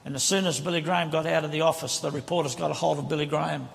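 Impassioned high-voiced preacher with gravelly edge. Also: male voice, fairly even intonation, rapid-fire, a little hiss or hum. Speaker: guest preacher. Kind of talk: sermon. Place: large church sanctuary. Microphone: handheld microphone. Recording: reverberant church hall with congregation.

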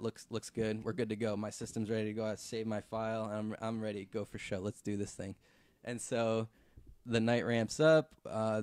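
This visual effects artist has a fairly low voice, recorded with no echo. Chatting casually on a podcast, he tells a story in a laid-back way, packing it with filler words and cursing freely.

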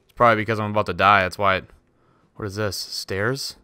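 A man's voice: fairly low pitch, fairly even intonation, a little fast, sharp tone, smooth, no room sound. A man giving jittery, swearing commentary to himself as he plays a horror game. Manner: jittery, swearing, talks to himself while playing. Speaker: let's play gamer.

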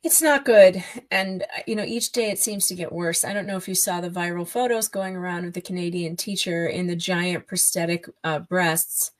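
A woman's voice: fairly low pitch, steady tone, moderate pace, few pauses, poor audio. A woman guest on a podcast interview, a writer, speaking in an indignant, emphatic way.

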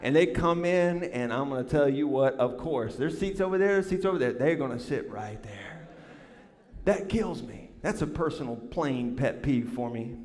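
A man preaching a sermon, telling a funny story with lively emphasis and calling the congregation y'all. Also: mid-range voice, normal speed. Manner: animated, drawling, addresses congregation as y'all. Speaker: pastor. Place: large church sanctuary. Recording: long hall reverb.

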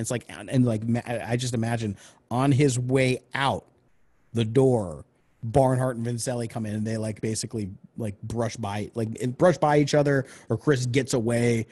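A man talks through script ideas in a loose, rambling way, leaning on fillers. His voice has a breathy, husky edge. He keeps slipping into acting out the characters' lines. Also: mid-range voice, fairly even intonation, normal speed, mellow. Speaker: screenwriter discussing script notes. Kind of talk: casual brainstorming chat.

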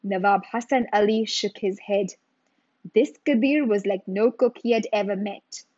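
A woman slowly reading a children's story aloud in a measured storytelling manner. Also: medium pitch, darkish tone, no echo, lo-fi sound.

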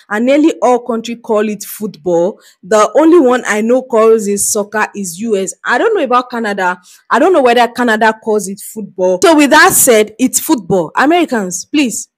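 A young woman from Nigeria talks through street interview clips in a loose, chatty way. Her voice sits a little high, and she breaks into laughs and animated asides as she goes. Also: normal speed. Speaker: reaction video host. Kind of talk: casual reaction commentary.

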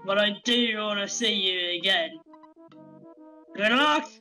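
A woman voicing a bumbling, gruff male police captain in a game playthrough, blustering and bossy. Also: mid-range voice, animated, takes it slowly, sharp tone, soft background music, pitched below the performer's own voice, low-quality recording.

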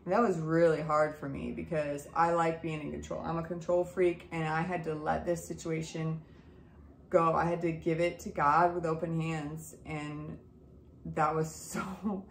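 A woman in her thirties, a mother, telling her family's story in a casual, animated way and acting out the dialogue. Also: sits low, measured pace, reverberant, slight background noise. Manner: emotional, animated retelling with quoted dialogue.

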